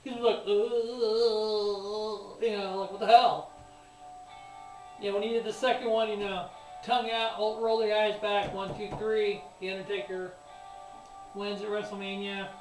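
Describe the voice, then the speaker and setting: A man talks through a wrestling event as host of his own sports show, rambling, cursing freely and getting worked up. He sits back from the mic in a roomy, echoing space. Music plays clearly behind him. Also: high voice, normal speed. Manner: rambling, profane and excitable. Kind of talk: casual wrestling event review. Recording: echoey room, distant mic, music behind.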